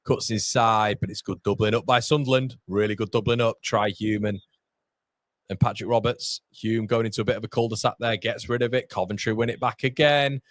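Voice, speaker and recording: A man's voice: fairly low pitch, steady tone, fairly quick, no room sound, studio quality. A young man hosting a live football watchalong, commenting on the match and reading viewer comments aloud with frequent laughs. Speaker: watchalong host.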